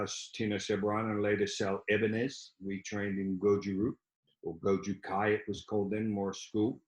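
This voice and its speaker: Older Australian man, deep and roomy. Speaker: guest. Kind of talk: casual video-call chat. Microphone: video call.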